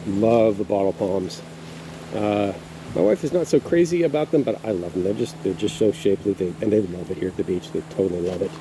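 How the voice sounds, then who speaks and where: A man with a fairly low pitch talks briskly as he leads a casual, rambling walking tour of his backyard garden outside. He hesitates often with fillers, and faint insect noise is audible.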